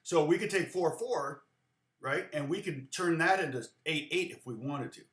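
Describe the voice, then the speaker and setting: A man's voice: fairly high pitch, normal speed, echoey room. A middle-aged man giving a casual live guitar lesson, rambling and chatty, with many restarts and side stories. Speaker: guitar teacher.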